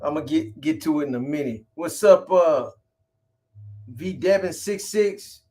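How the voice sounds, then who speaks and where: A man's voice: on the high side, lively intonation, a little slow, warm tone. A middle-aged man hosting a casual live stream, rambling and profane, greeting viewers by name in street slang. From California.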